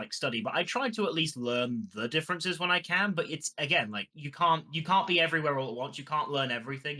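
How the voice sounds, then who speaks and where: A man's voice: mid-range voice, pushed and bright. A man with an English accent on a casual podcast, talking animatedly and often restarting his sentences. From England. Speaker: podcast co-host. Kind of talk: casual chat.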